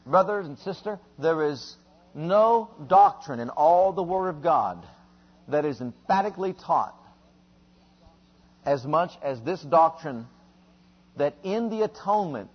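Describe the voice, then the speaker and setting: A man's voice: a little high, animated, unhurried, long pauses, husky, dull audio. A man preaching a sermon, emphatic and repetitive, leading the congregation in call-and-response.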